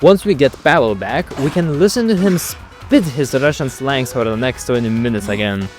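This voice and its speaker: Game music runs beneath a young gaming creator's comedic voice-over, full of sarcasm, profanity and mock drama. He speaks at normal speed in an expressive, medium-pitched voice.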